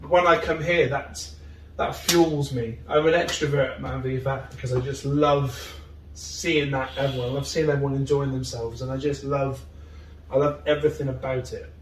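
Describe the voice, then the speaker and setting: A man talking as a guest in a casual interview, earnest and open, and he rambles a little when he gets excited. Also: mid-range voice, normal speed, a little hiss or hum. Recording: roomy, distant mic.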